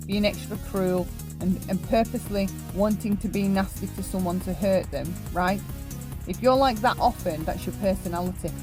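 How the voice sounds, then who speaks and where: Over music, a woman with a medium-pitched voice hosts an opinion commentary channel at normal speed. She speaks emphatically and keeps tagging her points with "right?"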